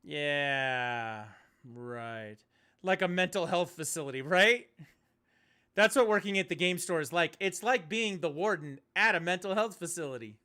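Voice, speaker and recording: A man's voice: a little high, lively intonation, a little slow, sharp tone, smooth. A man streaming a video game, chatting casually and ranting bluntly, with some profanity. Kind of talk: casual livestream chat while gaming.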